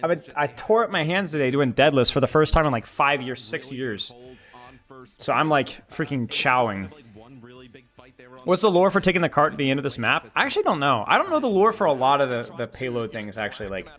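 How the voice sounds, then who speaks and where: A man's voice: medium pitch, fairly quick. A young man co-streaming an esports match, joking with his chat and breaking down the plays in casual live-stream commentary. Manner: animated, joking, talks straight to chat.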